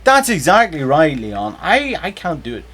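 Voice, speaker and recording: A man's voice: on the high side, wildly swooping pitch, normal speed, fairly bright tone. A man chatting and joking casually while streaming a game. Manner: joking, rambling, playful. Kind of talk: casual gameplay stream chat.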